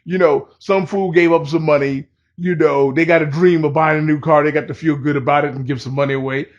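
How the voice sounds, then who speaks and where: A man telling a story to camera in a rambling, laid-back way, full of slang and "you know", sometimes loudly acting out what others said. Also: a little high, fairly even intonation, brisk, lo-fi sound.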